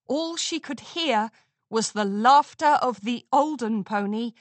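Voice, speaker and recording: Woman storybook narrator, slow, very lively pitch, dry close sound. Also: no echo. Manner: expressive, unhurried reading.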